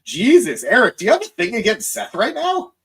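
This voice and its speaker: A man's voice: very high voice, big pitch swings, brisk, creaky, fairly bright tone. A man hosting a live wrestling recap stream, rambling and easily sidetracked as he reacts to chat, sounding tired. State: tired, voice cracking. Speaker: wrestling show host.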